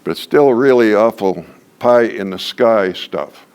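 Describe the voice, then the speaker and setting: A man's voice: on the low side, a little slow, a little mellow, clear, resonant tone. An older man leading a training workshop, teaching in a folksy, joking way and repeating his key points for emphasis. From Canada. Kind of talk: workshop lecture.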